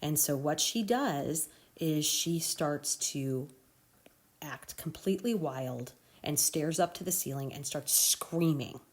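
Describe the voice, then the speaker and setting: Low-voiced woman teaching a lesson. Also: animated, slow pace. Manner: conversational, checks in with "okay?". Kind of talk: recorded literature lesson for students.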